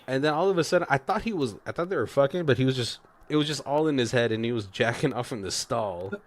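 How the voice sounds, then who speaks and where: A man co-hosting a casual movie commentary chat, rambling, swearing freely and acting out characters' lines in quick voices. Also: mid-range voice, lively intonation. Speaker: podcast co-host.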